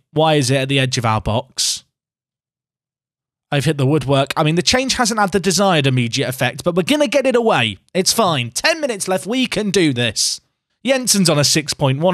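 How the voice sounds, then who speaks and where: Young guy narrating his football game, bouncy lively voice, dry close mic, kinda mocks himself. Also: fairly high pitch, dry recording. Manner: animated, self-mocking, talks to the game. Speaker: gaming YouTuber. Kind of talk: casual gameplay commentary.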